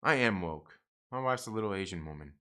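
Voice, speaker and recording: A man's voice: low voice, expressive, brisk, pushed and bright. A man hosting a live stream, telling a rambling, profane story with lots of restarts and laughter. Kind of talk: casual storytelling monologue.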